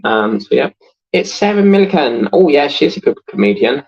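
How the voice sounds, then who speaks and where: Husky chatty man reading viewer comments. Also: fairly high pitch, big pitch swings, normal speed, a little mellow, dull audio. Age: 30s. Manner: chatty and rambling, laughs often, many fillers. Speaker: host of a model-building livestream. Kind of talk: casual livestream chat, reading out viewer comments.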